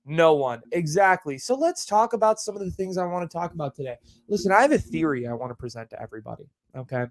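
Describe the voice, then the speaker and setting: A young man hosts his own podcast from a home setup with a ring light, rambling through a casual monologue full of swearing and joking asides. His voice is a little high with lively intonation, fast with few pauses, and the audio quality is poor.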